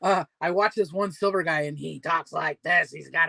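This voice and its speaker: A man's voice: on the high side, steady tone, moderate pace, vocal fry, pushed and bright, no echo. A man in his forties hosting a casual livestream weight-loss support chat, rambling and full of fillers as he pep-talks his viewers. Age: 40s. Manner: rambling, filler-heavy, motivational.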